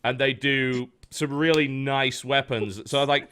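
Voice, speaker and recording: Man, podcast host, casual chat, dry storytelling, mid-pitched voice. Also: fairly even intonation, normal speed, fairly bright tone, clean tone.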